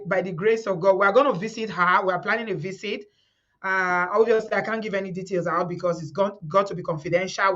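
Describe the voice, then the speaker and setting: A middle-aged Nigerian woman with a pushed, bright mid-range voice hosts a live community stream, heard through dull audio. Talking to her viewers with fervor, she repeats words and quotes the people in her stories.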